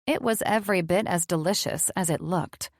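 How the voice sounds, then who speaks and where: A woman narrating a fantasy romance audiobook in an even, measured storytelling style. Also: lowish voice, no echo, clean studio sound.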